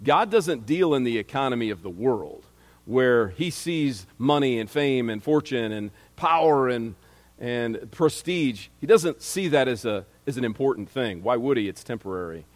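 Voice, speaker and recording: A man's voice: mid-range voice, animated, normal speed, long reverb tail. A man preaching a sermon in a conversational way, reading scripture aloud and often restarting his sentences.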